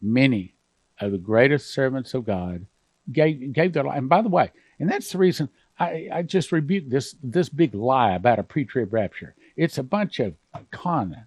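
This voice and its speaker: A man's voice: mid-range voice, lively intonation, moderate pace, husky, dry recording. A man pastor preaching fervently, at times emotional, on a broadcast program.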